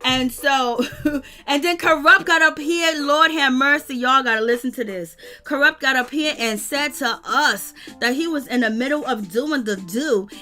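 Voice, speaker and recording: A woman's voice: high voice, faint music behind. A woman, chatting casually and animatedly while she recaps a reality show live. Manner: animated, slangy, breaks into quick prayer. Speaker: reality TV reviewer.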